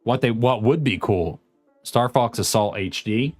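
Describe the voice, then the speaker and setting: A man's voice: medium pitch, unhurried, a little mellow, faint music behind. A man in his late twenties chatting casually on a livestream, rambling and reading viewer comments aloud. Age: late 20s. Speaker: streamer host.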